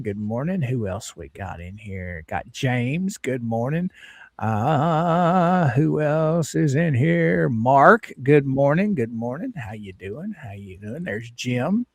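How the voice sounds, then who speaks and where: A man's voice: mid-range voice, expressive, slow, no room sound, clean studio sound. A man hosting a livestream, chatting casually and greeting viewers one by one by name in a folksy way. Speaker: livestream host.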